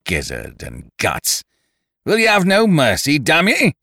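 A man voicing a beaten, mournful pirate who speaks in rough rustic grammar. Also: fairly low pitch, animated, takes it slowly, fairly bright tone, dry recording, studio quality, pitched above the performer's own voice. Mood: enraged. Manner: pleading, mournful, dialect grammar.

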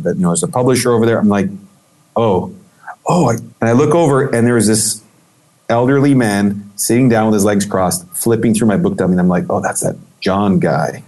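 A man's voice: lowish voice, brisk. A middle-aged man in a casual interview, telling a long story with lots of life and playing out the people in it. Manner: animated anecdotal storytelling, acts out quoted voices. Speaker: interview guest, photographer.

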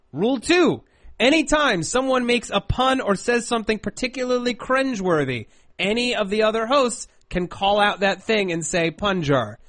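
A man co-hosting a podcast in a playful, jokey, excitable way, chatting casually. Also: high-pitched. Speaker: podcast co-host. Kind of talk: casual chat.

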